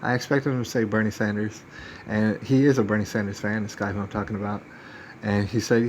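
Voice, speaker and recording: A man's voice: on the low side, steady tone, a little fast, slight background noise. Man ranting casually on a live stream. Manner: rambling, emphatic, acts out other people's lines. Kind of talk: casual storytelling rant.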